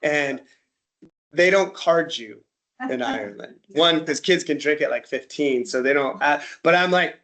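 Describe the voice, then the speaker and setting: A man's voice: fairly high pitch, measured pace, fairly bright tone. A man from the United States presenting a casual slide-show talk, a chatty storyteller who acts out little dialogues. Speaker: presenter at an interest group talk.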